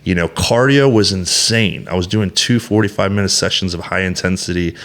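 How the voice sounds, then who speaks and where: A low-voiced man in his thirties speaks as a podcast guest, opening up bluntly and swearing freely. He talks in emphatic bursts, circling back with restarts and fillers. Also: a little fast, fairly bright tone. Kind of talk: candid podcast conversation.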